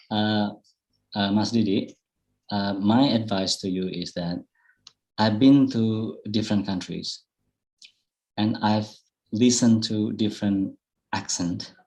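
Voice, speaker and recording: Man, Indonesian accent, low voice, conversational, modest, online talk. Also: darkish tone. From Bali, Indonesia. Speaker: guest speaker. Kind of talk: webinar talk answering audience questions. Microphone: video call.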